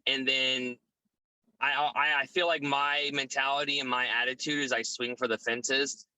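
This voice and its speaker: Middle-aged guy on a business podcast, talks steady and poised, bright punchy voice, mid pitch. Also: no echo, rough recording. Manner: measured, poised, steady delivery. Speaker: podcast guest, business owner. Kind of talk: casual business interview.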